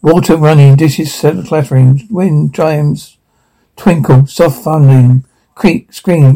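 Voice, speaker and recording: A man reading sound cues aloud in a flat, matter-of-fact way. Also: a little high, takes it slowly, creaky, rough recording.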